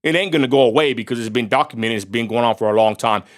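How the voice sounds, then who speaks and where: A man's voice: medium pitch, quick pace. Combative man ranting to camera. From Texas. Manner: combative, fires off rhetorical questions, repeats points. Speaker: vlogger. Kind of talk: confrontational direct-to-camera rant.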